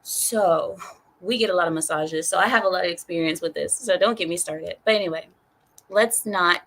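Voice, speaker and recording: A woman's voice: lowish voice, normal speed, a bit bright. Chatty laughing woman hosting a livestream. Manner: chatty, laughs often, rambling asides. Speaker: livestream host reading chat. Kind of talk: casual livestream chat.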